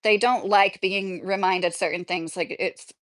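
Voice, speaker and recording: A woman in her late thirties, a YouTuber, rants casually to camera about politics and reads comments, sounding indignant and rambling with restarts and frequent fillers. Her voice is medium-pitched and steady at a measured pace.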